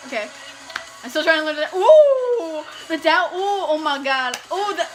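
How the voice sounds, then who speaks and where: A woman's voice: sits high, big pitch swings, moderate pace, rough recording. A young woman hosting a music video reaction, gushing, squealing and laughing as she watches. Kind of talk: excitable reaction commentary. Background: faint music from the video being watched.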